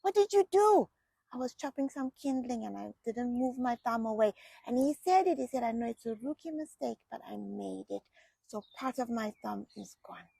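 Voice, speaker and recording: A middle-aged woman from England telling personal family stories in a chatty, animated vlog style, often repeating herself. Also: fairly high pitch, moderate pace, vocal fry, husky, no echo. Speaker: vlogger. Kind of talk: casual personal storytelling.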